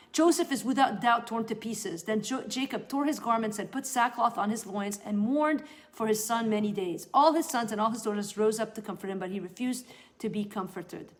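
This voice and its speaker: A woman giving a lively, conversational Bible teaching, reading scripture aloud and breaking in with casual asides. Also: on the high side.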